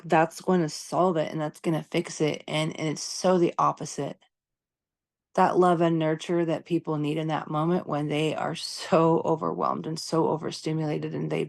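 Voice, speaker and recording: A woman's voice: low-pitched, vocal fry, a little mellow. A woman in her fifties hosting a podcast, talking candidly and emphatically about parenting in a casual, conversational way, swearing freely. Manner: conversational, lots of "you know" and "right?". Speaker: podcast host.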